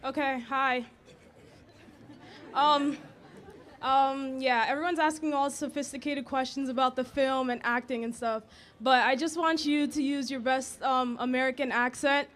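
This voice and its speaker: Shy giggly woman asking a question from the crowd, high voice. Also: fairly even intonation, measured pace, a bit bright. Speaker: audience member asking a question.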